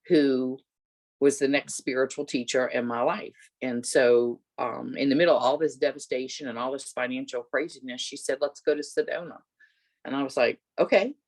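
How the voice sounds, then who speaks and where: A middle-aged woman, an interview guest, telling a personal story and acting out the voices of people in it with big jumps in pitch.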